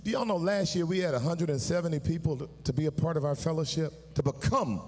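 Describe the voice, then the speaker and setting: Preaching pastor. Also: male voice, fairly high pitch, fast. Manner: preaching with call and response, rising to sung, shouted peaks. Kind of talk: sermon. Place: church sanctuary. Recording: live in a church hall, long reverb.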